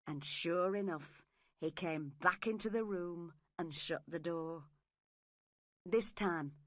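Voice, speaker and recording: A woman narrating an audiobook for English learners, clear and measured. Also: fairly low pitch, dry recording, studio quality.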